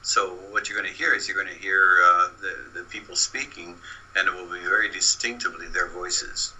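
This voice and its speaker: A man's voice: low voice, fairly even intonation, brisk, sharp tone, breathy edge, low-quality recording. A man who is a guest researcher, patiently explaining in an interview and often answering with short backchannels.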